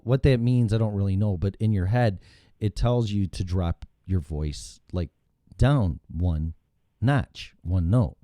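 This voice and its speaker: A man's voice: lowish voice, no echo. A man hosting a casual talk show, telling rambling, profane stories with lots of energy on a studio mic with headphones. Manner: profane, rambling, animated storytelling. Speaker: show host.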